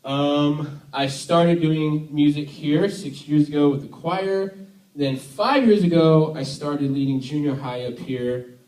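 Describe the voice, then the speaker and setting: A man's voice: a little high, slow, darkish tone. A young man from Tennessee giving a casual, joking sermon as a youth worship leader, chatty and self-deprecating. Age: young adult. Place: church hall. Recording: echoey hall, mic from far off.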